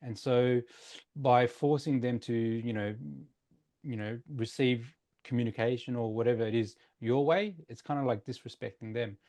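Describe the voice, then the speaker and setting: A man's voice: mid-range voice, steady tone, normal speed, dark tone. A man hosting a casual podcast discussion, upbeat, steering topics and handing questions to his co-hosts. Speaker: podcast host.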